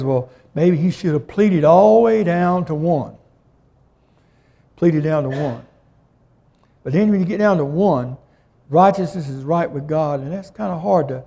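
A man's voice: a little high, gravelly, a little mellow, slightly rough. A man preaching a sermon in a plain-spoken way, reading scripture aloud and explaining it.

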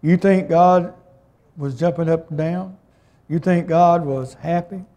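A man's voice: on the high side, fairly even intonation, unhurried, dark tone. A man preaching a sermon in a plain-spoken way, reading scripture aloud and explaining it.

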